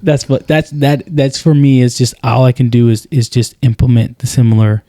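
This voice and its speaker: A man's voice: mid-range voice, little pitch movement, moderate pace, warm tone, no echo, studio quality. A man co-hosting a podcast, chatting casually in a rambling way, often restarting and quoting himself. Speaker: podcast co-host.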